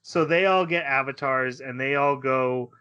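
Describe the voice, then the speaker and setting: Bright-voiced man recapping an anime. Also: medium pitch, measured pace, smooth, highs cut off. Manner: rambling retelling with quoted voices and laughs. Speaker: podcast co-host. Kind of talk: casual anime recap chat.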